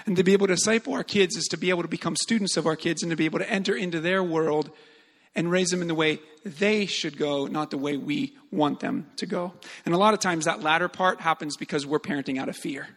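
A man giving an earnest, animated sermon-style talk on parenting, telling stories with many fillers. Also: fairly high pitch, quick pace, long reverb tail. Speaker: speaker on parenting.

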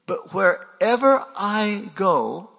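A man's voice: high voice, sing-song, very slow, creaky, a bit bright, long reverb tail. An older man preaching a sermon in a conversational way, asking rhetorical questions and repeating refrains.

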